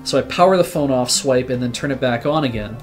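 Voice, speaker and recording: A show regular, audibly sick, talks fast at medium pitch while faint music plays behind him. His long, meandering story is casual and animated, full of swearing and reenactments of his own words.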